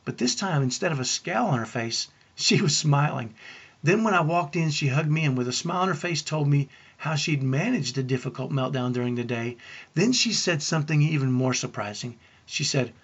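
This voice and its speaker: A man's voice: a little high, lively intonation, normal speed, a bit bright, slightly rough, highs cut off. A man who works as a parenting coach, telling family stories to parents in an earnest way and asking the listener rhetorical questions. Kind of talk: storytelling talk to parents.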